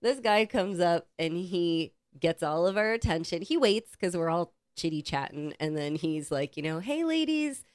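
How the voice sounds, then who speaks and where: A woman's voice: lowish voice, moderate pace, hardly any pauses, no echo. Chatty laughing woman telling a story. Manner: animated storyteller, laughs often, acts out quoted voices. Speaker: podcast co-host. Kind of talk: casual storytelling chat.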